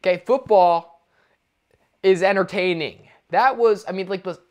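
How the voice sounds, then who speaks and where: A man's voice: high-pitched, normal speed. A man co-hosting a sports podcast, ranting in casual talk with lots of restarts. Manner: animated ranting, many restarts and fillers. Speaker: podcast co-host.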